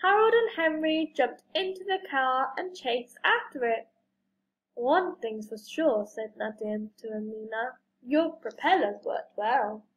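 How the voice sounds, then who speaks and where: A woman reads a children's story aloud at a slow, careful pace. Her high voice swings widely in pitch as she gives the characters their lines. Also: low-quality recording. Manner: slow, expressive reading with lively character voices. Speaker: reader.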